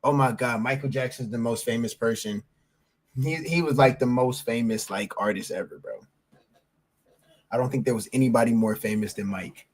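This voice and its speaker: A man's voice: medium pitch, normal speed. A man reacting live on a stream, hyped and slangy, repeating himself and out of breath.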